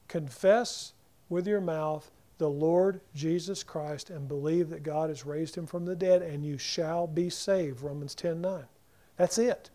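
A man preaching a sermon. He swings between loud emphasis and near-whispers and acts out the people in the scripture passages in quick voices. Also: on the high side.

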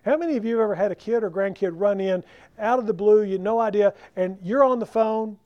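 A man preaching a sermon, emphatic and slowing down to stress key words. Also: sits high. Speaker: pastor. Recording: dull lo-fi recording.

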